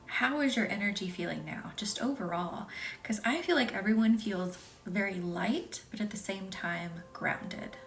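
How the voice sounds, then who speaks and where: A woman with a Midwestern accent, hosting a live reiki session, chatting and reading out viewer comments, sometimes dropping into a soft whisper. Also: medium pitch, a little slow, creaky. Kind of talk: live-stream chat with viewers. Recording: distant mic with faint music behind.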